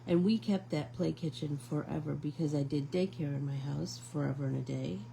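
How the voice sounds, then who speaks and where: A woman's voice: low voice, a little fast, creaky, warm tone, slight background noise, low-quality recording. A middle-aged woman hosting a casual live painting class, chatting to viewers like friends and rambling through stories. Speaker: art class host.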